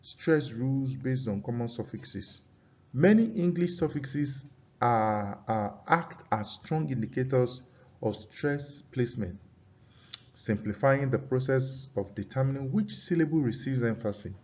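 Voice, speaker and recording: A man gives a classroom lesson on word stress at a middle pitch, stumbling through fillers and repeated words. He calls out example words loudly and keeps checking that his students are following. The recording sounds dull and lo-fi. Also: expressive, measured pace. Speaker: English teacher.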